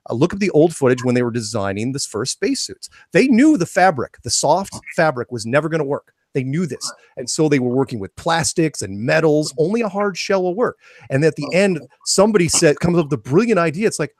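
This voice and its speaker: A man's voice: fairly high pitch, lively intonation, brisk, a little mellow, no echo, clean studio sound. A man being interviewed as a guest, talking enthusiastically in an impassioned rant, repeating and restarting phrases. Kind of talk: podcast interview.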